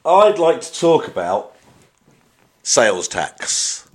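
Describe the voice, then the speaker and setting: British male co-host, easygoing, mid-pitched chatter. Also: very animated, slow pace. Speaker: podcast co-host. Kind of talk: casual chat.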